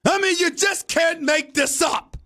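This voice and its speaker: A middle-aged man hosting a sports talk show in a studio booth, delivering an exasperated, shouting rant. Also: very high-pitched, unhurried. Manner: loud, exasperated ranting, shouting often. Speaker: show host. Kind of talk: ranting sports talk monologue.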